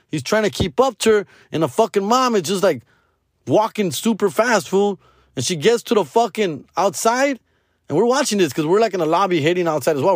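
A man rants casually, peppering his talk with curse words and slang. He sits at a middle pitch for a man. The recording is dry and close. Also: no echo. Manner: profane, slangy, mixing Spanish and English. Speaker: vlogger, father. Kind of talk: casual storytelling rant.

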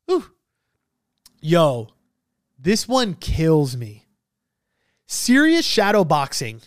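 A man's voice: a little high, huge pitch swings, drawn-out words, dry recording, clean studio sound. A young man hosting a casual podcast, reacting to listener comments with profane, emphatic talk. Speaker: podcast host.

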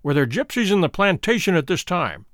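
A man reading the part of a calm, incisive male detective who questions a client in brisk, probing lines. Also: high voice, dry recording, clean studio sound. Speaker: audiobook reader. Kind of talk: storybook reading.

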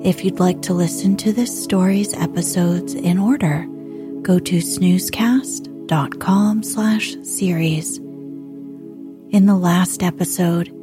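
A woman hosting a podcast for sleep, reading a story in a slow, soft, soothing voice that drifts into whispers. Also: fairly low pitch, steady tone, over music. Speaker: podcast host and reader.

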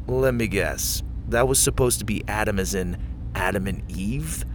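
A man's voice: fairly low pitch, moderate pace, a little hiss or hum, natural voice. Man doing a dry, skeptical boy. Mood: teasing. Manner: dry and sarcastic. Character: skeptical, joking boy, thin and teasing.

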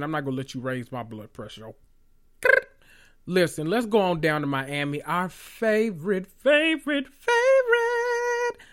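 A man hosting a podcast, recapping reality TV in a loud, profane, animated way with sudden high squeals. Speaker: podcast host.

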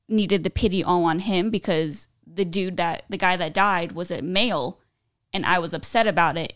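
A woman's voice: lowish voice, fairly bright tone. A woman on a casual podcast telling personal stories, rambling with lots of "like" fillers. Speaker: podcast co-host. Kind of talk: casual storytelling chat.

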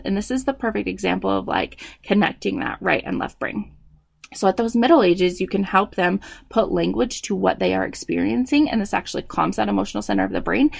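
A woman in her thirties giving parenting advice, explaining tips clearly and slipping into quoted dialogue. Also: medium pitch, no room sound. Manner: warm explanatory, acts out quoted dialogue with kids. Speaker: parenting educator. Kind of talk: advice talk.

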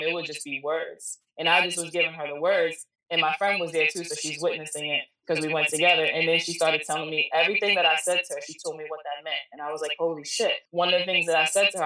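A woman's voice: low voice, sharp tone, echoey room, recorded from a distance, poor audio. A woman telling a story in a casual chat, candid and slangy, swearing freely as she talks about her work as a spiritual reader.

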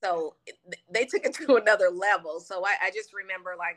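A woman from Louisiana, a country singer guest, telling her story in a bubbly, animated way. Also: lowish voice, moderate pace. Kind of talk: casual interview chat.

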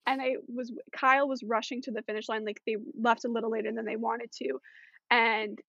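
A woman's voice: fairly high pitch, level tone, brisk, creaky, a bit bright, no echo, lo-fi sound. A woman talking as a podcast guest in casual chat, chatty with many fillers.

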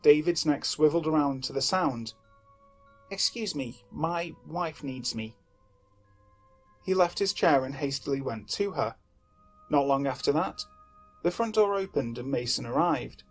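A man narrating a horror story in a measured, somber way. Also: fairly high pitch, soft background music.

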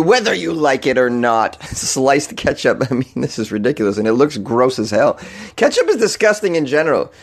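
A young man from New England hosting a casual comedic news talk show, irreverent and swearing, laughing at his own jokes. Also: on the high side. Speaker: radio show host.

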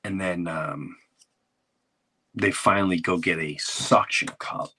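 A man hosting a podcast who tells a comedic story in an animated, rambling way and acts out the quotes. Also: low-pitched, takes it slowly, a little hiss or hum. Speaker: podcast host.

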